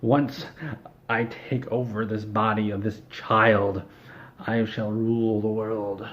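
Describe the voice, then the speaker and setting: A man playing the evil floating ghostly head of a tycoon, speaking in slow, grand, menacing pronouncements. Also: on the low side, level tone, fairly bright tone, muffled recording.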